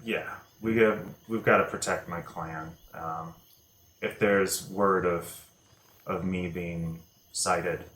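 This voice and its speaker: A man playing a tabletop game, speaking low-key in and out of character, in an echoey room. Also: steady tone, slow, a bit bright. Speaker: player. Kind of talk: casual tabletop play.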